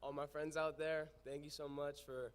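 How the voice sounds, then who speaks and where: A man's voice: on the high side, flat delivery, moderate pace, clear, resonant tone. Emotional teenage boy thanking family. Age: teens. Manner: emotional, grateful. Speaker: student athlete. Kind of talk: thank-you speech.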